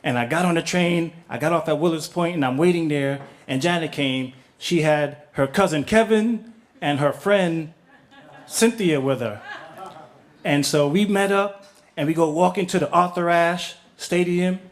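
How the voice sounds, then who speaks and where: A man's voice: fairly high pitch, a little slow. A middle-aged man telling a story on stage, casual and profane, acting out the people he quotes.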